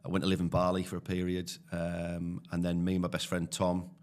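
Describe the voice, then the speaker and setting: A man's voice: low voice, monotone, a little fast, darkish tone. A man with a Teesside accent, a property investor telling stories as a podcast guest in a loose, chatty way. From Teesside, England. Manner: chatty storyteller, many fillers. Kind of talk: casual podcast conversation.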